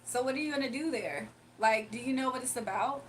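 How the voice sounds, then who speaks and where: Young woman, livestream host, chatty, laughs a lot, slightly high voice, faint background hiss. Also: a little fast, distant mic. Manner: chatty, laughs often, reads comments aloud. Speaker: livestream host doing readings. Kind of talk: casual livestream chat reading comments.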